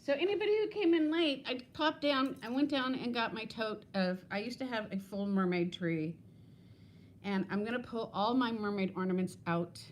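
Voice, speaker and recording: A woman's voice: fairly high pitch, moderate pace. A woman in her fifties chats on a casual livestream from home, rambling from one thing to the next and laughing often. She greets viewers by name. Her phone picks her up, with a faint hiss behind her voice. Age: 50s. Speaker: livestream host.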